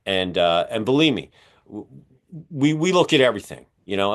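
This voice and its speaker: A man hosting a podcast interview, talking in a rambling, energetic way with many fillers, his voice going hoarse as he keeps clearing his throat. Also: fairly low pitch, moderate pace. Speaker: podcast host and magazine publisher. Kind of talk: casual interview chat.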